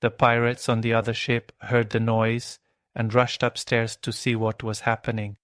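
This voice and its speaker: Male audiobook narrator, mid-pitched, clear and even delivery for learners. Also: normal speed. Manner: clear, steady reading. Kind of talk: scripted narration for English learners.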